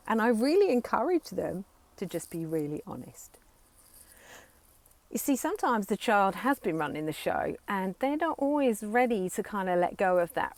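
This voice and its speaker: A woman therapist guiding an inner-child exercise, speaking softly and slowly when she voices the script and more briskly when she explains. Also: mid-range voice. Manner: soft, slow and soothing when speaking the script, livelier when explaining.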